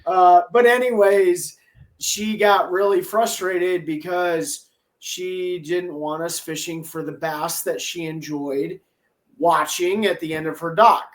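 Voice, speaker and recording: Casting: male angler guest with a high voice, a wry and animated storyteller. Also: slow pace. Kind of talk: casual podcast storytelling.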